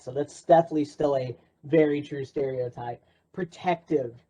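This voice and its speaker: A man's voice: fairly high pitch, steady tone, brisk, mellow, breathy edge. A man presenting an interactive workshop in a playful, sarcastic way. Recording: dull lo-fi recording.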